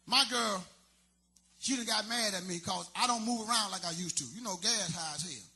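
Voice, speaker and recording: Male stand-up, loose slangy storyteller, high piercing tone. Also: moderate pace, vocal fry, pushed and bright. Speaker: stand-up comedian. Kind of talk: stand-up comedy set.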